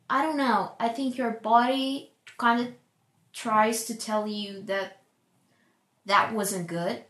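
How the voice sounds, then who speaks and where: Chatty young woman in an echoey room. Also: fairly high pitch. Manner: rambling, chatty, self-described as loud. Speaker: podcast host. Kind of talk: casual solo podcast chat.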